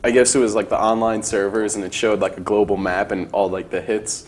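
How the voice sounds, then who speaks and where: A man's voice: on the low side, flat delivery, fairly quick. A man chatting casually as a guest, telling a story with laughter. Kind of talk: casual chat.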